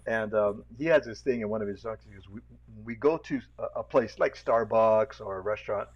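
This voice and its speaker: A man hosting a casual video podcast, with a lilt, telling animated stories and acting out the voices of the people in them. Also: on the low side, fairly quick, lo-fi sound. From Hawaii. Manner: animated storyteller, acts out voices, laughs often. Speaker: podcast host. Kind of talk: casual chat with storytelling. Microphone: video call.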